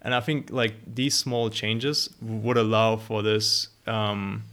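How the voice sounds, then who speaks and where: A man's voice: fairly low pitch, little pitch movement, slow pace, a bit bright. A man interviewing a guest in a casual conversation, talking hesitantly with many fillers.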